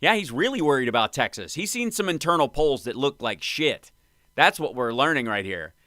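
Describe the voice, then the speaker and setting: A man hosting a live stream, reacting to clips with wry, excitable commentary. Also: medium pitch, fairly quick, no echo, studio quality. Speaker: host.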